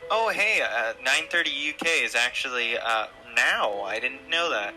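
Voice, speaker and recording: A man's voice: medium pitch, expressive, a little slow, pushed and bright, faint music behind, poor audio. A man co-casting a game tournament stream, chatting casually. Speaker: tournament caster.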